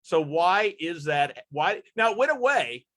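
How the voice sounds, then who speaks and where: A man with a fairly high, bright voice leads a panel and asks halting, searching questions. He restarts his sentences often as he thinks aloud. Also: big pitch swings. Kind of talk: casual panel discussion.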